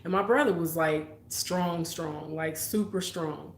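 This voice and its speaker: A woman's voice: low-pitched, slow, slight background noise. A young adult woman, telling childhood stories and chatting with viewers on a late-night live stream, laughing often. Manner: laughs often, storytelling, reads viewer comments. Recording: echoey room.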